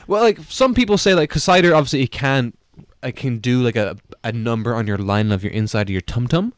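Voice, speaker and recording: A man's voice: medium pitch, fairly quick, dry recording, studio quality. A man co-hosting a podcast in casual chat, crude and joking, swearing a lot. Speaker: podcast co-host.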